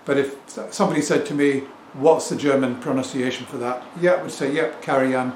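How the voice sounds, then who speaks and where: Talking to camera from a home room with a turntable, this middle-aged record-selling vlogger from England rambles on casually and confidently in an English accent. His mid-range voice is brisk, a little mellow, with fairly even intonation. The room echoes, with a faint ambient hum of noise.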